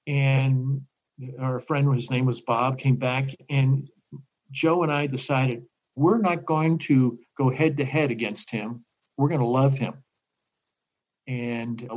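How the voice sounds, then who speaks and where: An older man with a mid-range voice tells stories as a guest in a casual interview, animatedly acting out the voices of the people he quotes. The audio quality is poor.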